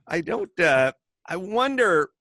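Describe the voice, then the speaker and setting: A middle-aged man hosting a talk show, telling stories in a casual, animated way, acting out the people he quotes and swearing freely. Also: high-pitched, slow pace, dry recording, clean studio sound. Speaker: podcast host. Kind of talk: casual storytelling chat.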